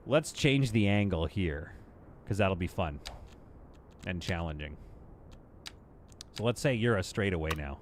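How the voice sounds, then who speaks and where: A man's voice: deep voice, expressive, a little slow, pauses often, slight background noise. A man streaming live gameplay, chatting casually to his viewers and to the game as he builds. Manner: chatty, talks to the game and to chat, playful asides.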